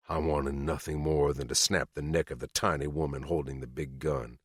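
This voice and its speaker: Deep-voiced male audiobook narrator. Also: normal speed, hardly any pauses, husky, no room sound, studio quality. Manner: dramatic, expressive reading. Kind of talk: scripted first-person audiobook narration.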